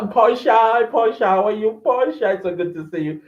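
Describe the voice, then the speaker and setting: Reading viewers' comments aloud and greeting them by name, a man hosts a livestream podcast in a casual, laugh-filled chat. His high voice has lively intonation and a moderate pace, recorded in an echoey room with dull lo-fi sound.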